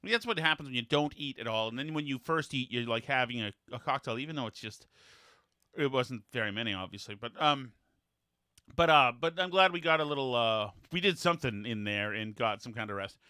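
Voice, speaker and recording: Bright-voiced rambling male podcast host. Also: mid-range voice, expressive, smooth, dry recording, clean studio sound. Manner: rambling, halting with fillers and restarts; blunt, mocking. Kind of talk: casual chat.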